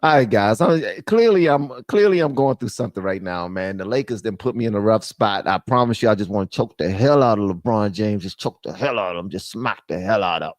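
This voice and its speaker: A man hosting a live stream, giving casual commentary in an animated voice that swings between loud ranting and low muttering. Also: fairly quick, few pauses, no echo, studio quality.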